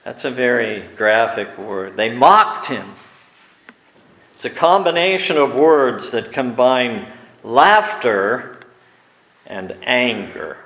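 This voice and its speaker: Guy preaching a sermon real slow and deliberate, mid pitch, echoey. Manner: slow, deliberate, animated when dramatizing.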